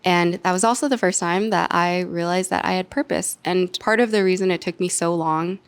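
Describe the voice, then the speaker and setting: Girl in her 20s vlogging, lowish voice, heartfelt, lots of likes and ums, dry close sound. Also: fairly even intonation, brisk, smooth, no echo. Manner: heartfelt, emotional, many fillers like "like" and "um". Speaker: YouTuber and podcaster. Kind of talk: candid personal vlog.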